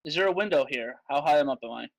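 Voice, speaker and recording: A man playing a tabletop role-playing game, excitable and quick to swear, with frustrated outbursts. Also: fairly high pitch, creaky, dry recording, highs cut off. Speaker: player.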